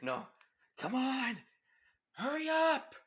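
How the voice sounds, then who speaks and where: A man voicing a goofy, excitable young electric hero boy in a fan-made story, shouting as he strains. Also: medium pitch, measured pace. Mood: straining shout.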